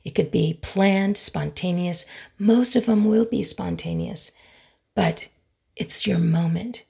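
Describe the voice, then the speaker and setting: Middle-aged woman, podcast host, husky and lowish voice, emphatic delivery with pauses. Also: warm tone. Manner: earnest and emphatic, with dramatic pauses and listed phrases. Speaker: podcast host and conflict resolution expert. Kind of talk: solo podcast talk.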